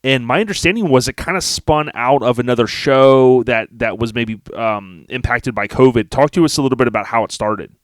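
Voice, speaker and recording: A man's voice: mid-range voice, a little fast, few pauses, no echo, clean studio sound. A man hosting a podcast in casual conversation, enthusiastic and full of slang. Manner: enthusiastic, slangy, calls guest dude and man. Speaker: podcast host.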